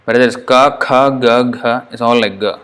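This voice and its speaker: A man's voice: mid-range voice, steady tone, moderate pace, a bit bright, clear, resonant tone. A man teaching Sanskrit pronunciation in a recorded lesson, demonstrating each syllable aloud and repeating it patiently.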